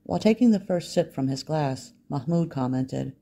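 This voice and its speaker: A man reading an audiobook as a first-person narrator, wry and measured. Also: on the high side, gravelly, warm tone.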